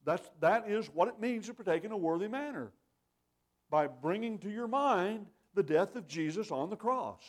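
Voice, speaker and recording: High-voiced man giving a communion talk. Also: animated, moderate pace. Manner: earnest, plainspoken, repeats points for emphasis. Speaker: lay speaker at communion. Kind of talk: communion meditation.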